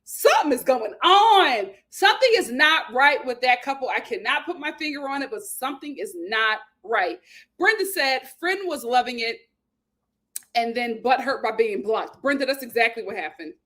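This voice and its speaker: A high-voiced woman hosts a reality TV recap. Her pitch swings all over as she gives opinions straight to her viewers. She reads out their comments in a chatty style. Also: expressive, normal speed, a bit bright. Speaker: host. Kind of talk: casual reality TV recap chat.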